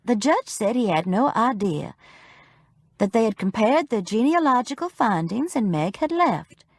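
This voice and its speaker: A woman narrates a cozy mystery audiobook in the first person, wry and unhurried. Her voice is mid-pitched yet animated, moving freely up and down. The recording is close and dry. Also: no room sound. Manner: wry, storytelling.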